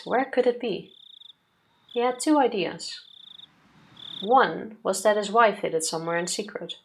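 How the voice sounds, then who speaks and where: A woman co-hosting a let's play, reading the visual novel's text aloud in a steady, even way, with casual asides to her partner. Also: medium pitch, a little hiss or hum. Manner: steady, even reading pace with occasional yawns.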